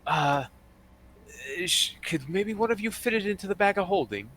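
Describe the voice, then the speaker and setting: A man's voice: high voice, animated, moderate pace, fairly bright tone, a little hiss or hum, pitched above the performer's own voice. A man voicing a hesitant adventurer woman. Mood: polite.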